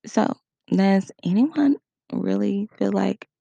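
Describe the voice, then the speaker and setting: A woman's voice: medium pitch, measured pace, vocal fry, dark tone, dry recording, highs cut off. A woman giving a casual spoken lesson in a conversational way, acting out short example quotes. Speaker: instructor.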